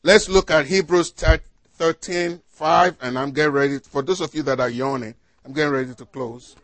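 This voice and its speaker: A man preaching a sermon to a congregation, asking them to fill in the words and swinging between loud exhortation and quiet asides. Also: fairly high pitch, steady tone, normal speed, dry recording. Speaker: pastor.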